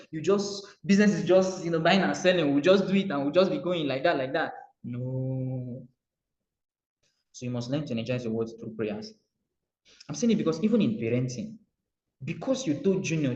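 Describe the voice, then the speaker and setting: Nigerian male motivational coach, slightly high voice, lively and repetitive, muffled roomy recording. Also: fairly quick. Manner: animated, acts out dialogue, repeats phrases.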